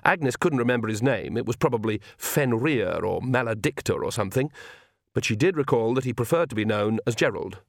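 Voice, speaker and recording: A man narrating an audiobook with expressive, lively storytelling. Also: mid-range voice, fairly quick, creaky, no echo, studio quality. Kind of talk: scripted narration.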